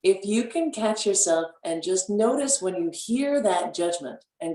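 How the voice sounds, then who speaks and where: A woman guest on a radio talk show, speaking casually and playfully, acting out inner voices with big jumps in pitch. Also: lively intonation, measured pace, warm tone. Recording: echoey, distant from the mic.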